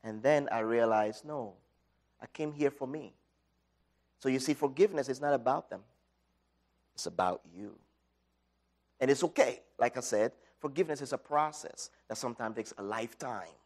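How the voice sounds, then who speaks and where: A middle-aged man giving an inspirational talk, telling a personal story with dramatic swings from loud to quiet. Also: medium pitch, moderate pace, pauses often. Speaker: speaker.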